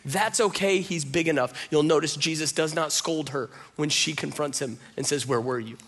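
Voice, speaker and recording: A man's voice: fairly high pitch, normal speed, a bit bright. A man preaching a sermon, talking conversationally and with strong emphasis, often acting out quotes. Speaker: pastor.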